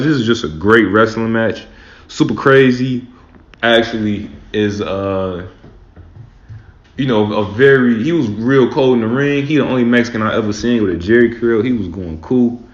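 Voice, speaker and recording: A man hosting his own casual commentary as a wrestling fan, talking loosely and rambling with lots of "man" and "like". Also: mid-range voice. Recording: roomy, dull lo-fi sound.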